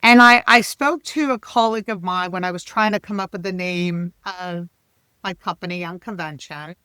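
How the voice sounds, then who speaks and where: A woman's voice: fairly low pitch, normal speed, clean tone, dry recording. A woman in her fifties, a leadership coach chatting animatedly as a podcast guest. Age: 50s. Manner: chatty and animated, with laughs and restarts. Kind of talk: casual podcast interview.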